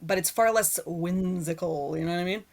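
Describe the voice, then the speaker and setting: A woman's voice: fairly low pitch, moderate pace, a little mellow. A woman, an author, chatting casually as a podcast guest, with a frequent "like" and "right?". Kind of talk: casual interview chat.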